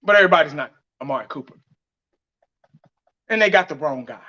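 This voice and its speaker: A man's voice: on the high side, animated, fairly quick, pushed and bright. A man giving blunt, heated fan commentary on his vlog, laughing mockingly as he rants. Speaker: fan vlogger. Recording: dull lo-fi audio.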